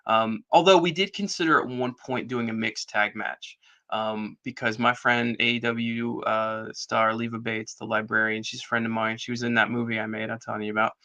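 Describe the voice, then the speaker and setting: A man's voice: mid-range voice, moderate pace. A middle-aged man as a podcast guest, telling a long story with lots of acted-out dialogue. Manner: animated storyteller, acts out quoted dialogue. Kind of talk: casual storytelling interview.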